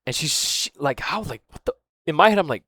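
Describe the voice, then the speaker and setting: A man's voice: fairly high pitch, lively intonation, fairly quick, a bit bright, slightly rough, no echo. Rambling, cursing man in a dry room. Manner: rambling, profane, keeps losing his thread; filler-heavy, with frequent "right?" and "man". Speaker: vlogger. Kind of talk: casual rambling monologue.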